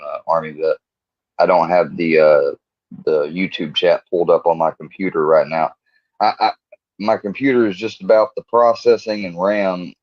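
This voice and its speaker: Deep-voiced man rambling on a livestream. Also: dry recording, highs cut off. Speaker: livestream host. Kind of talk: casual livestream commentary.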